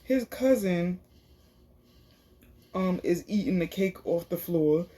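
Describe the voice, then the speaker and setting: A woman's voice: fairly low pitch, lively intonation, takes it slowly, mellow, breathy edge. A woman casually recapping a reality TV episode in a chatty, slangy way, full of fillers. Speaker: TV show reviewer.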